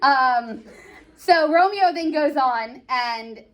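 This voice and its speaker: A woman's voice: high-pitched, lively intonation, slow pace. Chatty, joking woman teacher. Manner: chatty, joking, lots of "like" and "you know". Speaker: English teacher. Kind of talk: classroom lesson. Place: classroom.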